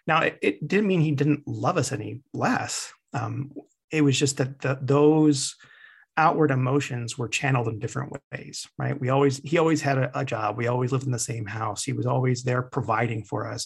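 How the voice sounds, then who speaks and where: A man with a gravelly, somewhat husky voice talks through his thoughts slowly in an interview. He pauses often and restarts his sentences, keeping a steady, reflective tone throughout. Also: medium pitch. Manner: measured, halting, with many restarts and fillers. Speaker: author being interviewed.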